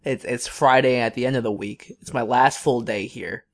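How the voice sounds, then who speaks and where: A man's voice: mid-range voice, moderate pace. A young man co-hosting a podcast, telling a long story in a casual, rambling way with many fillers and restarts. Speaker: podcast co-host.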